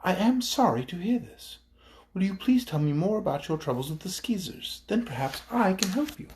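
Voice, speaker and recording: A man reading an audiobook, voicing a young girl ruler who speaks sweetly and with calm dignity. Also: on the high side, fairly quick, noisy background, voice pushed up. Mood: gentle. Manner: sweet, friendly, calmly commanding. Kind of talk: audiobook character voice.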